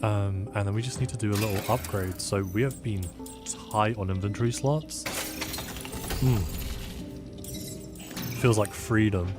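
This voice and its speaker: A man's voice: lowish voice, a little slow, pauses often. A man from the UK casually commentating a game as a live streamer, reacting with sudden exclamations and chatting with viewers. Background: game music.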